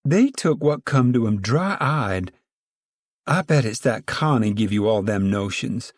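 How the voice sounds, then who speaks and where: A man's voice: mid-range voice, animated, measured pace, no echo, studio quality. A man reading aloud and voicing a stern, weary mother of a poor farm family, scolding in a rural drawl.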